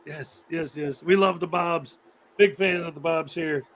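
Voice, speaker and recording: A man with a fairly high voice hosts a loose, casual chat. He rambles through stories, laughs often and slips into acting out the people he talks about. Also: a little slow, background noise. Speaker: host.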